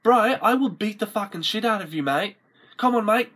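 A man's voice: mid-range voice, normal speed, pushed and bright, husky. A man playing a crude, boastful Australian bogan with a broad accent in a comedy sketch. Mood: swaggering. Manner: blunt, swaggering, crude.

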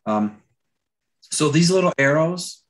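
A storyboard artist runs a live drawing demo, talking in a loose, chatty way with many fillers and restarts while repeatedly clearing his dry throat. His voice is a little high and expressive, and his pace is slow.

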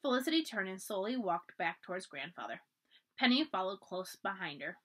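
A woman reading a children's storybook aloud for a library, with expressive, animated narration. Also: mid-range voice, brisk.

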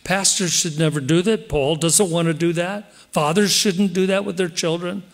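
A man preaches a sermon in church with an animated, direct delivery. His voice sits a little high for a man. Now and then he acts out the voices he quotes. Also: normal speed. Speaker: pastor.

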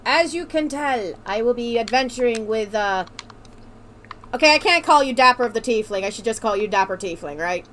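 High, bright woman chatting in mock pirate-speak. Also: lively intonation, moderate pace, slight background noise. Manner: mock pirate speech, jokey and profane. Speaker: streamer. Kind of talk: casual gaming chat.

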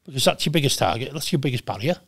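A man's voice: medium pitch, rapid-fire. Blunt, swearing older man. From Wales. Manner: blunt, profane, animated storytelling. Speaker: guest, former goalkeeper. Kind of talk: casual interview chat.

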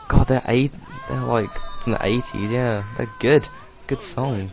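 A man's voice: medium pitch, slow pace, creaky. A young British man casually commenting over his own video, rambling, swearing and laughing as he goes. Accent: British English. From Britain. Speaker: video creator doing commentary.

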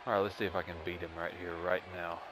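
A man hosting a casual let's-play, joking and excitable as he comments on the game. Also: low voice, fast, noisy background. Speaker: gaming channel host.

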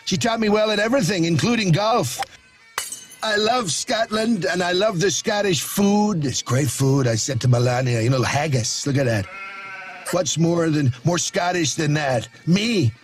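A man's voice: on the high side, lively intonation, moderate pace, faint music behind, natural voice. A man voicing a boastful, rambling older male president who repeats himself and praises his own show-business charm. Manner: rambling, self-praising, repetitive.

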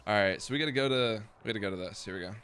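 A young man giving loud, profane, self-mocking commentary while streaming a football video game. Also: fairly low pitch, rapid-fire, slight background noise. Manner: profane, self-mocking trash talk with sudden outbursts. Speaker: gaming streamer. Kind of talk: live gameplay commentary.

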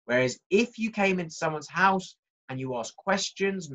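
A man with a fairly high voice leads a workshop in a lively, chatty way and keeps turning to his listeners. The recording sounds slightly dull and lo-fi. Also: moderate pace. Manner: lively, conversational, talks straight to the audience. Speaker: workshop presenter. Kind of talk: presenting a marketing workshop.

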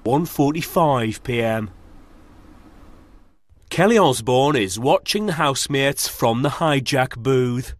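A man narrating a reality show in scripted, measured announcements. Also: mid-range voice, animated, a little hiss or hum.

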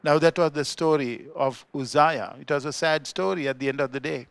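A male pastor with a Sri Lankan accent delivers a sermon in a fairly high voice. He swells into loud, emphatic declarations and then drops to hushed, low remarks. The sound is close and dry, with almost no room echo. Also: a little fast, vocal fry, clear, resonant tone. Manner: swings between loud emphatic peaks and quiet low asides. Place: church.

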